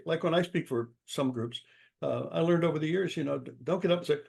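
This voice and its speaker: An older man, a guest author and speaker from the United States, giving advice in a lively interview, acting out quotes with sudden jumps in his voice. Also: fast, gravelly. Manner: animated, acts out quotes with sudden pitch jumps.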